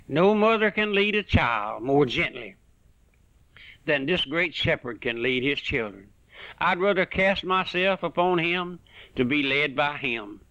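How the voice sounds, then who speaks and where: A man preaching a fiery radio sermon, pleading with listeners and swinging between loud bursts and hushed asides. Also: fairly high pitch, no echo. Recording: dull lo-fi old radio broadcast.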